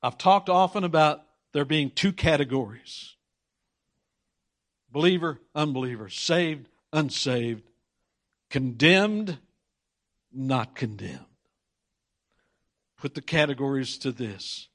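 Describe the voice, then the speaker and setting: A man's voice: fairly high pitch, animated, slow, long pauses. A man preaching a sermon, reading scripture aloud and repeating words for emphasis while he puts questions to his congregation.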